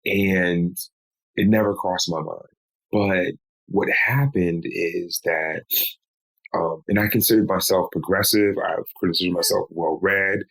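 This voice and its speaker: A man, a podcast guest, recounting a painful personal story in a slow, measured way. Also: low-pitched, steady tone, fairly bright tone, rough recording. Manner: slow, measured telling with pleading quoted lines.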